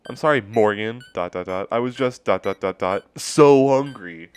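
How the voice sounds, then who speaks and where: A man voicing a clingy, possessive female creature pet who pleads in an unhinged way with drawn-out pauses. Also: on the low side, clear, resonant tone, lightly acted. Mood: pleading.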